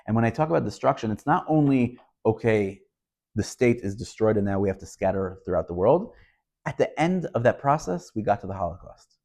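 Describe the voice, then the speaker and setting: Emphatic rabbi giving a Torah lesson. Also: male voice, on the low side, expressive, fairly quick, gravelly, darkish tone. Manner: emphatic, asks rhetorical questions; storytelling delivery. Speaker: rabbi teaching.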